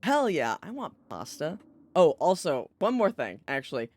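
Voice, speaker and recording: A tired streamer chatting casually while playing a story game, animated and joking, with some swearing. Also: medium pitch, moderate pace. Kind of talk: casual let's-play commentary, reading game text aloud.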